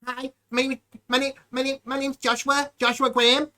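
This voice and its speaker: A man's voice: extremely high pitch, level tone, normal speed, sharp tone. A man putting on a stammering young guy. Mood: mocking. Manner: repetitive, stumbling, childlike. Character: halting, stammering young man who repeats himself.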